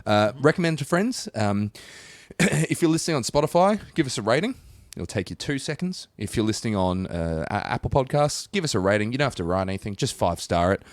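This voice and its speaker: A man's voice: on the low side, big pitch swings, fairly quick, no echo. An Australian man co-hosting a podcast in casual chat, crude and jokey. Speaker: podcast co-host.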